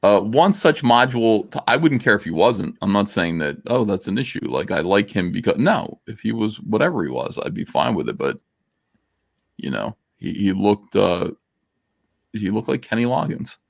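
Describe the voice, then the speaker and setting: A man's voice: on the low side, big pitch swings, moderate pace, creaky. A man from the US hosting a livestream, ranting sarcastically in a comment-reading commentary. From United States. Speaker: livestream host.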